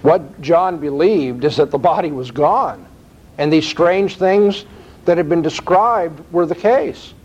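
A man preaching a sermon, quoting scripture and climbing in pitch to stress his points. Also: slow pace, breathy edge. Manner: expressive, rising emphasis when quoting scripture. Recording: dull lo-fi recording.

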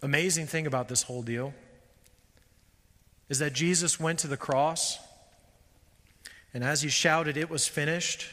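A man's voice: a little high, steady tone, unhurried, long pauses, pushed and bright. Man, pastor, emphatic sermon, rising to fervent peaks, long hall reverb.

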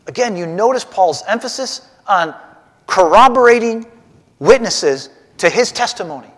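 A man teaching a Bible lesson to a class, animated and putting questions straight to his listeners. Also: sits high, normal speed, long reverb tail.

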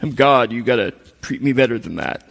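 Man putting on a gruff, scolding God. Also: medium pitch, animated, a little fast, fairly bright tone, long reverb tail, pitched below the performer's own voice. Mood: indignant. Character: gruff indignant male God scolding a complainer.

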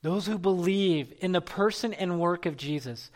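High-voiced man preaching a sermon. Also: normal speed, few pauses, darkish tone. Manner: preaching with emphatic repetition, dropping to near-whisper. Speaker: pastor.

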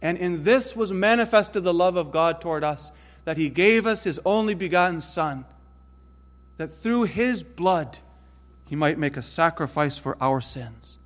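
A man preaching a sermon in an earnest way, rising to emphatic peaks and then dropping low and soft. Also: lively intonation, measured pace.

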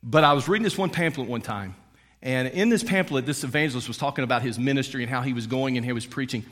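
A man preaching in a relaxed, conversational way, telling a story with frequent "uh"s and "and, um"s. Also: medium pitch, quick pace, long reverb tail. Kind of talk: storytelling sermon.

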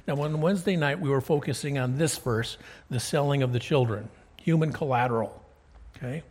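A man's voice: mid-range voice, brisk, a little mellow. A man preaching a sermon as pastor, folksy and conversational, asking his listeners rhetorical questions.

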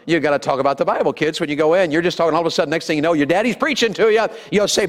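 A man's voice: a little high, rapid-fire, hardly any pauses. A middle-aged man preaching a sermon in a church, folksy and humorous, often calling out to his listeners. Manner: folksy, humorous, calls out to the audience. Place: church sanctuary. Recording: long hall reverb.

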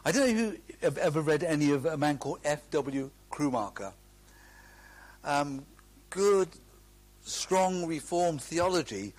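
Husky man preaching earnestly. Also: fairly high pitch. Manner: earnest, emphatic, with slow drawn-out phrases and restarts. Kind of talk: sermon.

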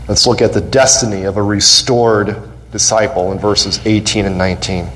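With a lowish, fairly bright voice, even intonation and normal speed, a pastor preaches a sermon in a church sanctuary, growing more fervent. He lifts his voice on questions and quotes and repeats phrases for emphasis, though the audio is poor.

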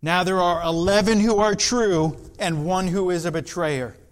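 A man preaching a sermon in an earnest, deliberate way, with dramatic pauses. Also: high-pitched.

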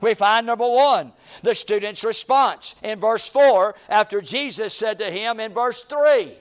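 High-voiced preacher man. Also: a little slow. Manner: preaching with rising emphasis and repeated questions. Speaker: pastor. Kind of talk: sermon.

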